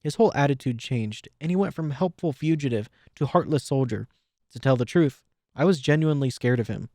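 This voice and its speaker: A man reading fan fiction aloud in steady first-person storytelling. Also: mid-range voice, fairly quick, dry recording, clean studio sound. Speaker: audiobook reader.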